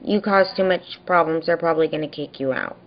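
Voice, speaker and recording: Low-pitched and brisk, a young woman's voice comes through muffled as she vlogs casually about a neighbor. Tired and exasperated, she gives an animated account, quoting people in mocking voices.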